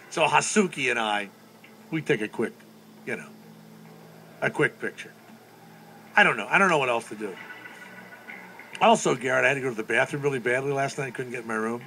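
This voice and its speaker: A middle-aged man hosting a radio show, telling a story in casual chat with animated, rambling energy. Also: mid-range voice, fairly quick, creaky, long pauses, a little hiss or hum. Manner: animated, breaks into loud sing-song la-las. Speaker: radio host.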